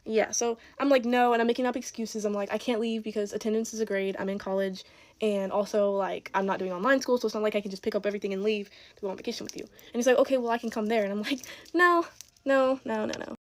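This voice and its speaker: Fast-talking eighteen-year-old woman. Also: medium pitch, fairly even intonation, darkish tone. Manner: chatty, exasperated, quotes people in her own voice. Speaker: storyteller. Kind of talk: casual storytime.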